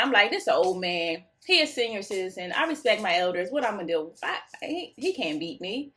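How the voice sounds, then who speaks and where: A woman's voice: mid-range voice, normal speed. Goofy woman telling a storytime tale. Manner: goofy, laughs easily, animated retelling. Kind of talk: casual storytime chat.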